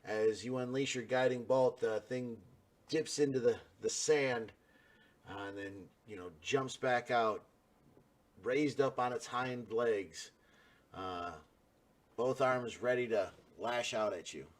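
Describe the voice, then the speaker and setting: A man running a tabletop game, describing the fight in a loose, rambling way with plenty of fillers. His voice sits in a middle pitch. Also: takes it slowly. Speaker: game master.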